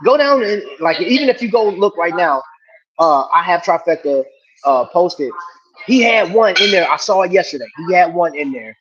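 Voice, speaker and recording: This middle-aged watch reviewer hosts a casual livestream, chatting in a laid-back way and laughing along with his viewers. His voice sits high and sing-song at a moderate pace, over a noisy background and dull lo-fi stream audio.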